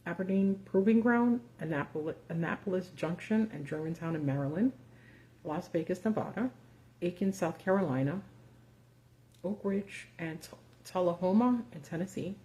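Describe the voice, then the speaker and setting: A woman with a low, mellow voice hosts a live stream. She talks off the cuff, profane and sarcastic, with plenty of ums and likes as she reads things out. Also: normal speed. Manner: casual and profane, sarcastic asides, many fillers. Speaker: host of a live video. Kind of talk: casual live-stream commentary.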